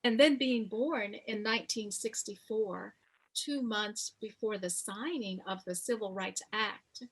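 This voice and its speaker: Woman, 50s, author in an interview; husky, unhurried storyteller. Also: medium pitch. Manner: slow, reflective storytelling with many pauses. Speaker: author interviewed about her memoir.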